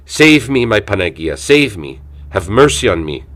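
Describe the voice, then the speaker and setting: A man's voice: fairly low pitch, normal speed, lightly acted. A man voicing an old monk who pleads and laments for salvation. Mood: pleading. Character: old male monk, anguished, begging for salvation.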